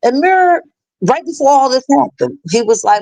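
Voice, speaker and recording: Halting, higher-pitched middle-aged woman. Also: big pitch swings, a little mellow, no room sound, rough recording. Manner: halting, with many fillers and restarts; earnest, plain-spoken. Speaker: interview guest, bereaved mother. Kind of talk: emotional personal storytelling in a live chat.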